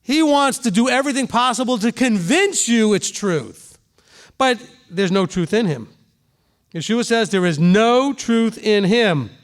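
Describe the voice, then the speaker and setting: A middle-aged rabbi with a notably high voice preaches to his congregation in an easy, conversational, animated way. He is unhurried, pausing now and then to ask the room questions and check they understand, and he tosses in quickly voiced examples.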